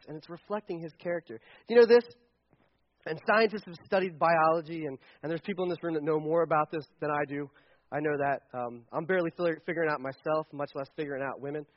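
A man preaching a lively, joking sermon as pastor to a congregation, with frequent restarts. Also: a little high, no echo, muffled recording.

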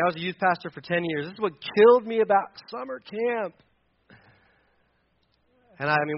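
Passionate high-voiced man preaching. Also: muffled recording. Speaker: pastor. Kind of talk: sermon.

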